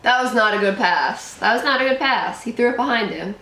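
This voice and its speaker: A woman's voice: on the high side, brisk, sharp tone, roomy sound. A young woman hosting a live reaction to a football game, anxious and exclaiming, often repeating herself. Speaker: sports channel host reacting live.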